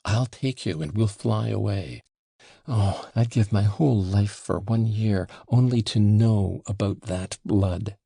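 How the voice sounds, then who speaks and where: A man playing a reckless drunken young man, passionate and guilt-ridden, who blusters and then mutters. His voice is low and gravelly with a husky grain. Close, dry audiobook sound. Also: a little slow, mellow, no room sound, heavily acted. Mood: tormented.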